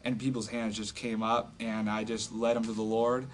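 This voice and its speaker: A man casually retelling a healing story as an evangelist, animated and full of fillers. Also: lowish voice, normal speed. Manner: animated, filler-heavy retelling with acted quotes. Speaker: street evangelist telling a testimony.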